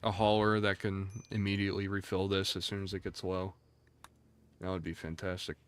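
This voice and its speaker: A man's voice: deep voice, level tone, brisk, smooth. A man streaming a game, chatting casually and answering his viewers in a rambling, easygoing way. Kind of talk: casual livestream chat.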